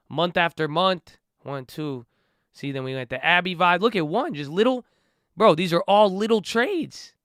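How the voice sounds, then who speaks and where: A man with a high, bright and clear voice talks straight to his viewers about investing. He is animated and emphatic, leaning on slang and firing back at critics. The sound is dry and close. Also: dry recording. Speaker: investing vlogger. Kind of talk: casual excited talk to viewers.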